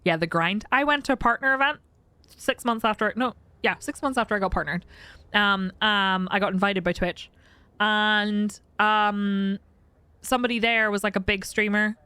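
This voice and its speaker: A woman's voice: mid-range voice, steady tone, moderate pace, pushed and bright, clear, resonant tone, dry recording. A woman streaming a game live, chatting casually and animatedly, often laughing and swearing.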